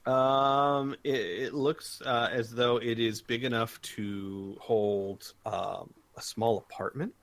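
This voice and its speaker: A man's voice: mid-range voice, steady tone, slow pace, few pauses, fairly bright tone. A man narrating as game master in a casual tabletop game, hesitant and full of fillers.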